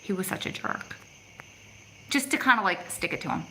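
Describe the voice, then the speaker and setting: On a very noisy recording, a middle-aged woman with a mid-range voice and lively intonation talks at a moderate pace. She's a vlog host doing a chatty phone livestream outdoors in the city at evening, reading out viewer comments and responding.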